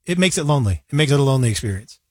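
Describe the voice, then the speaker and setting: A man's voice: mid-range voice, lively intonation, racing, dry recording, clean studio sound. A man from the United States co-hosting a casual chat show, playfully dramatic in his storytelling. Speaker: co-host.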